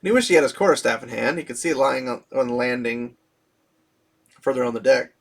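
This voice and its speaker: A man's voice: mid-range voice, fast talker, creaky. A man casually retelling a fantasy novel, chatty and laughing often. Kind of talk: casual storytelling recap.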